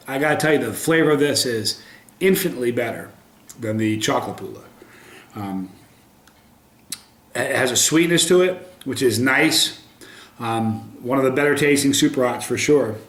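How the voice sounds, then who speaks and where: A man's voice: mid-range voice, a bit bright. A man doing a casual pepper tasting review to camera, upbeat, with many ums and restarts. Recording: roomy echo.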